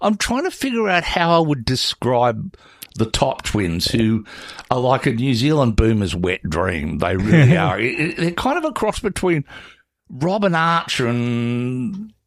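A man's voice: medium pitch, very animated, measured pace. A male radio host chatting casually in the studio, often rambling and tripping over his words.

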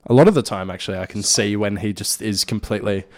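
A man's voice: on the low side, fast. A man co-hosting a radio show, bantering casually in a dry, teasing way into a studio mic. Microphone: studio mic with headphones.

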